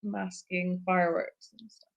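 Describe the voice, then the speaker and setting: A woman's voice: lowish voice, level tone, unhurried, creaky. Laid-back woman co-host. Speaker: co-host of a live Q&A. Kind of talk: casual live chat.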